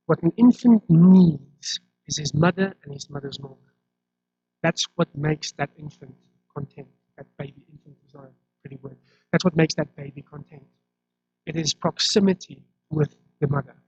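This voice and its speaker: A man's voice: fairly high pitch, darkish tone. A man preaching a sermon in a conversational way, often restarting and repeating words. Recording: dull lo-fi recording.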